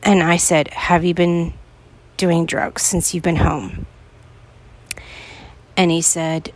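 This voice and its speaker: A woman's voice: on the low side, flat delivery, slow, pauses often. A woman podcast host telling a personal story to her listeners, earnest and pleading as she recalls her own words.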